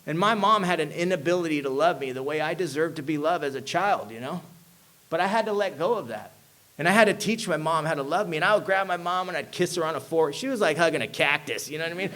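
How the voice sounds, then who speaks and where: A man's voice: on the high side, fast. A man telling his personal recovery story to an audience as a convention speaker, acting out the dialogue and often checking in with his listeners. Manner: animated storyteller who acts out dialogue and keeps asking "you know what I mean".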